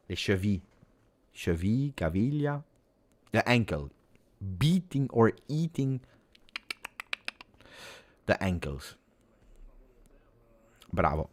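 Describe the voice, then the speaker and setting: A man giving live football reaction commentary, excitable play-by-play mixed with exclamations. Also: low-pitched. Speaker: football watch-along streamer.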